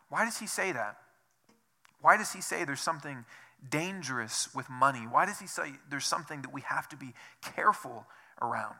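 A man's voice: high voice, lively intonation, moderate pace, bright, forceful tone. A man preaching a sermon as a pastor, earnest and repetitive, asking the listeners rhetorical questions. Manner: earnest, repeats phrases, asks rhetorical questions.

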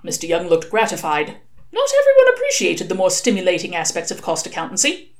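A woman reading a novel aloud, telling it in an expressive, wry way. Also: fairly low pitch, fairly quick. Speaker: reader.

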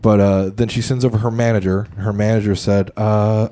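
A man's voice: on the low side, little pitch movement, moderate pace, hardly any pauses, dark tone. A young man co-hosting a podcast, telling a story in a rambling, casual way with lots of fillers and swearing. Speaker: podcast co-host.

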